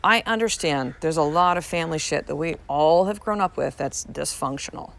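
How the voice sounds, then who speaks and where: A woman's voice: low voice, normal speed, creaky, slight background noise. A woman in her thirties hosting a podcast from home, talking frankly and repeating herself for emphasis, swearing casually. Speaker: podcast host. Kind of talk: casual motivational podcast talk. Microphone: podcast mic.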